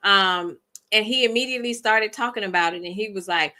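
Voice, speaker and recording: Bright-voiced woman, reflective chat. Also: mid-range voice, fairly quick. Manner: heartfelt, reflective, many ums. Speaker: vlogger. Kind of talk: casual chat.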